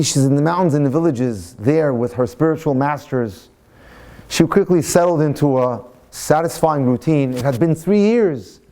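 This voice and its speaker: A rabbi telling a sermon story in a fairly high voice. His delivery is dramatic and animated, and he often stops mid-phrase and starts over. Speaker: rabbi and lecturer.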